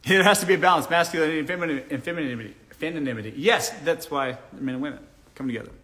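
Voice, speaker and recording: A man's voice: on the high side, racing, bright, forceful tone. A young man hosting a casual live Q&A from a room indoors. He reads viewer comments aloud, answers bluntly, jokes and often laughs. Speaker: live Q&A host. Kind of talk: casual live-stream chat. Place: indoor room lit by a ring light.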